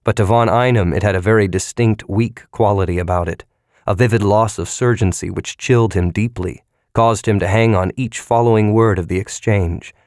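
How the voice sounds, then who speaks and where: A man reading a science fiction novel aloud in a measured, even narration. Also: lowish voice, dry recording, clean studio sound. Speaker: audiobook narrator. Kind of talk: scripted narration.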